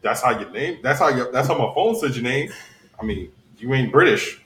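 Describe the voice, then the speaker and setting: A young man argues his side in casual podcast banter and sounds exasperated with his co-host. He sits a little back from the mic in an echoey room, and his voice has a middling pitch. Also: lively intonation, fairly quick, fairly bright tone, recorded from a distance. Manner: argumentative, exasperated.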